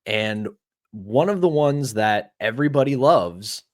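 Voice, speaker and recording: A man's voice: mid-range voice, unhurried, no room sound, clean studio sound. A man from Pittsburgh co-hosting a sports podcast, telling an anecdote in a casual, storytelling way. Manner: storytelling, animated retelling of anecdotes. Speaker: podcast co-host.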